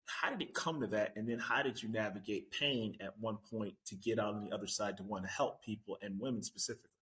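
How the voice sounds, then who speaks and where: A man's voice: on the low side, quick pace, sharp tone. A man hosting a podcast, eagerly affirming his guest and asking long questions. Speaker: podcast host. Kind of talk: interview chat.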